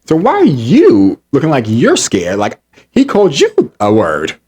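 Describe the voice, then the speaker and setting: A man's voice: medium pitch, unhurried, husky. A man vlogging, heatedly retelling a personal incident, acting out what others said, with emphatic repetition and laughter. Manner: animated, acts out quotes, laughs, emphatic repetition. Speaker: channel host recounting an incident. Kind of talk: heated personal storytelling to camera.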